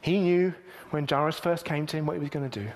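A man preaching a sermon earnestly, moving between emphatic lines and hushed, near-whispered ones. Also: a little high, fairly even intonation, fast talker.

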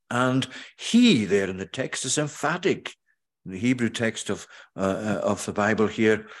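A pastor preaching a sermon in a measured way, pausing often and slowing for emphatic scripture quotes. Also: male voice, mid-range voice.

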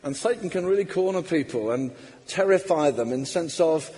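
A man's voice: a little high, expressive, normal speed, dark tone, slightly rough. A man preaching a sermon emphatically, acting out quoted voices. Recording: long hall reverb.

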